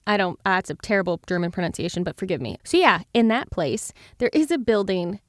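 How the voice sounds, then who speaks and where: A woman's voice: medium pitch, animated, brisk, no room sound, clean studio sound. A woman co-hosting a history podcast, telling a spooky story with a playful, giggly manner. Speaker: podcast co-host.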